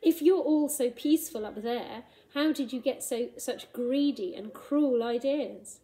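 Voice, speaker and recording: A woman's voice: on the high side, unhurried, dark tone, voice pushed up, natural voice. A woman voicing a steadfast male iron giant robot hero who talks in a firm, matter-of-fact way in a storybook reading.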